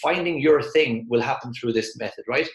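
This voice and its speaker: A man's voice: mid-range voice, normal speed. A man giving a motivational sales talk in an emphatic, repetitive way, now and then acting out other people's voices. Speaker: motivational speaker. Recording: echoey room.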